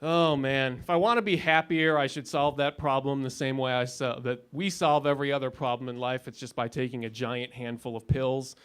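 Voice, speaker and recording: A man's voice: mid-range voice, fairly even intonation, a little fast, few pauses, a bit bright, smooth. A man in his thirties doing a stand-up comedy set in a club lounge, with a dry, sardonic delivery and punchlines that build up. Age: 30s.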